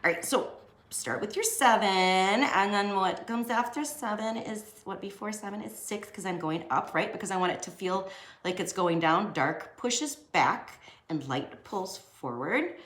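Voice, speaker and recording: A woman's voice: medium pitch, a bit bright. Young woman art teacher, jokey and chatty, voice jumps up and down a lot, roomy echo. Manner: chatty, jokey, talks to herself while drawing. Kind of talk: casual drawing lesson. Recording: echoey room.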